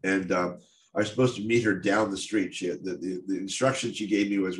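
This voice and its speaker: A photographer, a middle-aged American man, gives a talk telling candid, self-deprecating stories about his work, full of fillers. His voice sits low and keeps a steady tone at a slightly fast pace. The recording carries room echo and faint noise.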